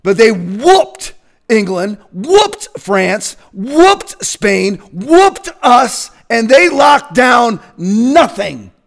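A man's voice: very high-pitched, big pitch swings, extremely slow, gravelly. A man delivering an emphatic, combative political opinion rant. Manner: combative, emphatic, bursts into shouting. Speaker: political commentator.

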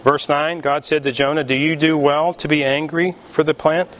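A male pastor preaching a sermon, emphatic and deliberate, with pauses between phrases. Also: on the high side, flat delivery, fairly bright tone, a little hiss or hum.

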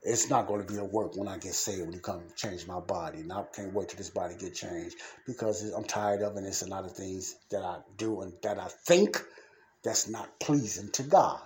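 A man's voice: sits low, normal speed, a little mellow, a little hiss or hum. A man hosting a podcast, preaching in an emphatic, casual way and repeating his points. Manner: casual slangy speech. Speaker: podcast host.

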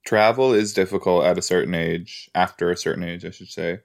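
A man hosting a podcast, chatting casually as he reacts to a TV episode, easily amused and quick to gasp and laugh. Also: low-pitched, flat delivery, creaky.

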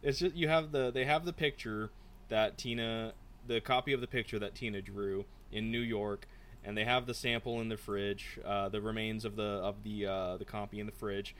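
A man co-hosting a casual book podcast, rambling and animated, slipping into quick impressions of characters. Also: lowish voice. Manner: rambling, animated, mimics characters mid-story. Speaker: podcast co-host.

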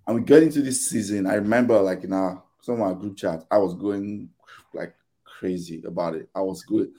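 A man's voice: low voice, fairly quick. A man on a podcast panel in casual chat, ranting animatedly and acting out both sides of arguments. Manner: animated, exasperated ranting with quoted back-and-forth.

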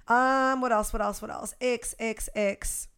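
A woman's voice: a little high, steady tone, a little slow, a bit bright, clean tone. A young woman co-hosting a podcast in casual chat, talking bluntly and frankly with a lot of swearing. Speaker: podcast co-host.

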